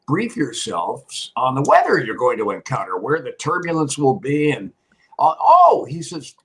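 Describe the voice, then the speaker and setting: A retired TV meteorologist, an older man appearing as a guest, rambles through long anecdotes in casual chat, laughing often. His mid-range voice swoops wildly in pitch at normal speed, sounding slightly rough on poor audio.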